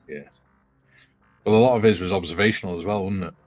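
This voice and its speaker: Man, very low voice, relaxed, dry humour, faint music behind. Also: fast, no echo. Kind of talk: casual chat.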